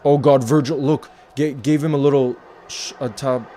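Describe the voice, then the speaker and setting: A man watching a football match and reacting live, talking to the screen and erupting into shouts when his team scores. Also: medium pitch, moderate pace, hardly any pauses, a crowd in the background, background noise. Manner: excitable, talks to the screen, erupts into shouting at goals.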